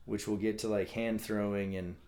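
Male podcast guest from California, lower register, halting, filler-heavy casual talk. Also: flat delivery, mellow. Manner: halting, many restarts and fillers. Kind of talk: casual chat.

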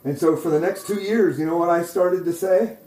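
Echoey, mellow-voiced male preacher. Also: sits high, brisk. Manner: storytelling with frequent "okay?" and "right?" asides; grows loud and excited while retelling. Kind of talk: sermon testimony. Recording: echoey room.

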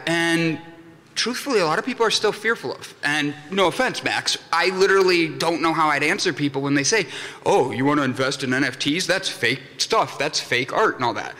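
A man's voice: on the high side, bright, forceful tone. A young man giving a comedic conference talk, telling anecdotes and acting out the voices in them. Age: young adult. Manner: jokey storyteller, acts out voices in anecdotes. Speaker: conference speaker. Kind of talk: comedic keynote talk to a live audience. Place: conference hall. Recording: long hall reverb from a conference room.

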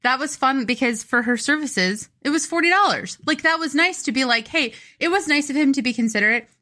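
A woman's voice: high voice, animated, a little fast, sharp tone. A young woman co-hosting a podcast, rambling chattily through a story and poking fun at herself. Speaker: podcast co-host. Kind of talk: casual chat.

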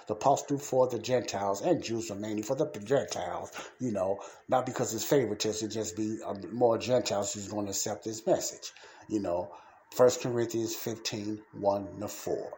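Low mellow-voiced man preaching emphatically. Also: normal speed, slight background noise. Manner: emphatic, repeats his points, preaching; casual slangy speech. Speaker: podcast host. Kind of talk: preachy podcast monologue.

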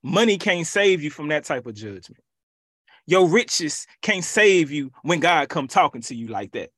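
Emphatic preacher man, lively pitch. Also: measured pace, dry recording. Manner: emphatic, repetitive preaching with rhetorical questions. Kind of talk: sermon.

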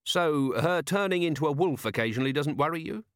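A man voicing a wary, gruff middle-aged male police commander in a storybook reading, speaking in short, terse lines. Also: on the high side, animated, fairly quick, no echo, studio quality, pitched above the performer's own voice.

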